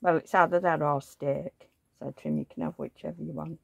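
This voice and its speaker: A woman's voice: sits low, steady tone, normal speed, vocal fry, slightly rough, dry recording. A woman vlogger in casual chat at home, rambling along and cooing at the dolls she dresses. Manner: rambling, chatty, coos at dolls.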